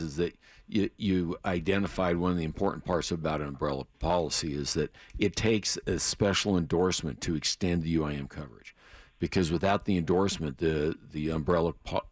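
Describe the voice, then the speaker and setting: Man, deep low voice, radio co-host, explanatory and halting, dry studio sound. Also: no room sound. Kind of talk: radio call-in show talk.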